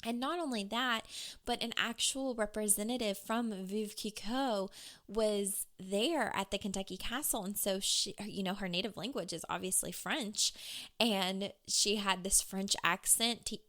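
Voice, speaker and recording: A woman in her thirties talks casually on her own podcast, bubbly and gushing. Her pitch sits in an ordinary middle range, and she often speaks right to her listeners. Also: a bit bright. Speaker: podcast host. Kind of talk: casual solo podcast chat.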